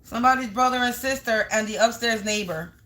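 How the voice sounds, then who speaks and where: A woman's voice: on the high side, brisk, bright, forceful tone, slight background noise. A woman giving a spiritual reading to camera, speaking in emphatic, repetitive warnings with frequent swearing. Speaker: tarot and energy reader.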